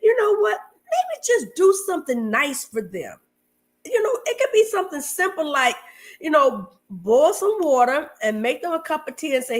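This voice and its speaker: A woman co-hosting a marriage talk show, telling stories straight to her listeners in a lively way, a bit congested from a cold. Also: high voice, normal speed. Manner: lively storyteller, addresses listeners directly. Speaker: marriage podcast co-host. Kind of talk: casual chat to listeners.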